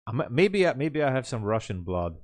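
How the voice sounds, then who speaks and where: A man's voice: medium pitch, no room sound, clean studio sound. A man hosting a live day-trading stream, thinking aloud, greeting viewers in chat and laughing often. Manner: relaxed, halting, many fillers. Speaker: day-trading livestream host. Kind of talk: live commentary while trading and reading chat.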